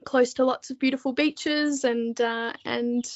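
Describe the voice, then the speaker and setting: A woman's voice: high-pitched, steady tone, a little slow, muffled recording. Laughing Australian woman, chatty. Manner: chatty, laughs often, many ums. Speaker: podcast guest, book editor. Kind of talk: casual interview chat.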